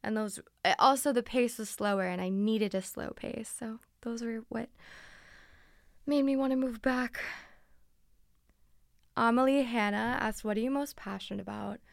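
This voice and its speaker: Young woman, podcast host, chatty and bubbly, a bit high, smooth, close dry studio mic. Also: a little slow, long pauses, dry recording. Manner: chatty, bubbly, answers listener questions. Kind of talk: casual solo podcast chat. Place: recording studio. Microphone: studio microphone.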